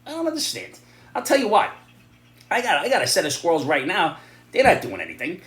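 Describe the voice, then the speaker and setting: A middle-aged man rants in a blunt, sarcastic monologue, his pitch swinging widely from low grumbles to sharp, loud jabs. He speaks in an echoey room. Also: huge pitch swings, fairly quick. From New York area. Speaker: vlogger giving opinions and advice. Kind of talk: ranting opinion monologue.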